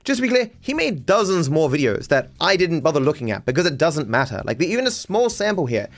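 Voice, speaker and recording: A man narrating commentary in a halting way, often stopping to correct himself. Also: on the high side, big pitch swings. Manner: halting, self-correcting, plain. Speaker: commentary channel host.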